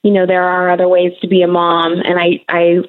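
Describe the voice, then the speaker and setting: A woman's voice: fairly low pitch, monotone, fairly quick. Woman talking candidly on tinny radio audio. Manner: candid, conversational, many fillers. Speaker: guest sharing her cancer story. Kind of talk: emotional interview conversation.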